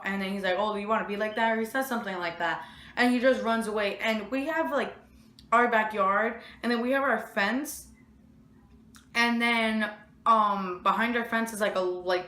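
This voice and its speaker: A woman's voice: medium pitch, a bit bright. A young woman telling a storytime vlog, rambling with lots of fillers. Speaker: vlogger. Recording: echoey room.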